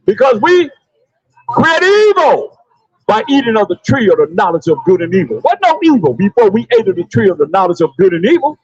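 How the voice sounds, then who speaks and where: A man preaching loudly outdoors on a city sidewalk, calling out verses for a reader to read. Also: high voice, wildly swooping pitch, a little fast, breathy edge, no echo, dull audio. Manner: loud, preachy, calls on a reader and repeats the verses. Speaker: street preacher. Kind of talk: open-air street preaching.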